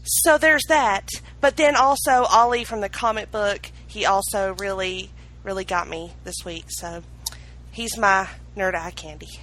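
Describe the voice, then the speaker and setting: Woman, podcast co-host, slow unhurried delivery, hesitant, rambling, lots of ums. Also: medium pitch, a bit bright, poor audio. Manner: hesitant, rambling, filler-heavy.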